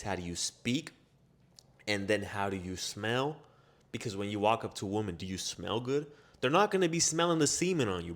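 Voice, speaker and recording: A man giving a motivational self-improvement monologue, blunt and profane, firing off rapid rhetorical questions. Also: on the low side, a bit bright.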